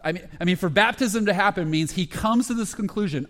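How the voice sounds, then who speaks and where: A man preaching a sermon as a pastor, retelling a story with lively quoted voices. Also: high-pitched, fairly quick, few pauses. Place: church sanctuary. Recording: long reverb of a hall.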